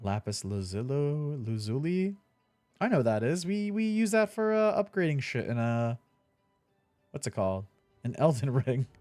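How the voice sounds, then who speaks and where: Playing a video game, this young man keeps up relaxed let's-play commentary full of easy laughter and occasional swearing. He sounds very animated, with a medium-pitched, darkish voice at normal speed, no echo, and soft background music.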